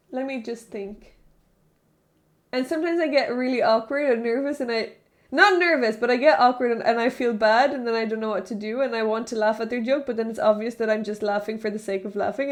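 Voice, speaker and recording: A woman's voice: fairly high pitch, fairly even intonation, fairly quick. A young woman streamer chatting casually with her live chat, rambling, correcting herself and laughing often.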